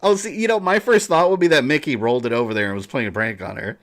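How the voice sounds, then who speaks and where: A man's voice: medium pitch, quick pace, a bit bright. A man hosting a watch party, giving casual, joking commentary on an old film and laughing often.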